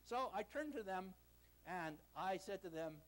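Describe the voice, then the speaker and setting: An older man lectures in a hall, his voice pitched high for a man. He swings through his pitch freely, animated and storytelling, with dry jokes at his own expense. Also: a little slow. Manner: animated storytelling, self-deprecating humor. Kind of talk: university lecture.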